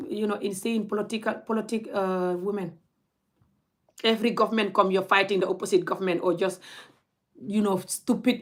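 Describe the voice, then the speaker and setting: A woman's voice: medium pitch, a little mellow. A young woman, scolding her audience in a blunt, heated rant straight to camera. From Gambia. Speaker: vlogger.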